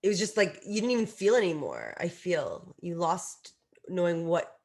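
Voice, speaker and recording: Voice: mid-range voice, huge pitch swings, moderate pace, gravelly, darkish tone. A podcast host in casual chat who wonders aloud and asks follow-up questions.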